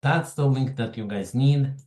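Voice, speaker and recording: A man from Russia with a Russian accent, hosting an online webinar in a slow, halting way and greeting attendees by name. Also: medium pitch, mellow, reverberant, poor audio. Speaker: webinar host. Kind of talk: casual online presentation.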